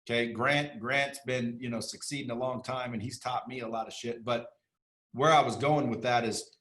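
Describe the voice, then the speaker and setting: A man speaking as an interview guest in a blunt, emphatic way, firing off questions and swearing casually. His voice sits at a medium pitch. The recording carries a noticeable room echo. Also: fairly even intonation, moderate pace, a bit bright. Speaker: interview guest, sales training entrepreneur. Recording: echoey room.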